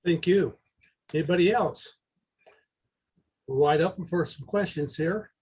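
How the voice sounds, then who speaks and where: A man's voice: a little high, measured pace, darkish tone, slightly rough. A man moderating the questions on a video call in a joking, inviting way.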